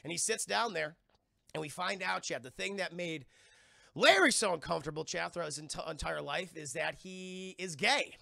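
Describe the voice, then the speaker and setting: A man with a gravelly, fry-heavy voice recaps a TV episode for his stream chat. His tone is bright and forceful, and the sound is dry and close. He rambles, swears freely and drops into quick impressions of the characters. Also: a little high, dry recording. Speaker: TV review streamer. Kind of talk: casual live-stream recap.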